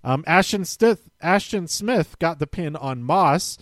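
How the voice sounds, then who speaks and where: A man recaps casually in a slightly higher-than-usual voice, circling back and fixing his own words with a chuckle here and there. The sound is dry and close. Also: animated, slow, no echo. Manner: rambling, self-correcting, chuckling. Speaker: show recap host.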